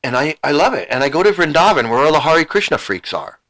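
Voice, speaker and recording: A man's voice: a little high, very animated, fast, fairly bright tone, low-quality recording. A middle-aged man hosting a livestream, ranting heatedly and emotionally, repeating himself and swearing. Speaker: channel host. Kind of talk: angry livestream rant.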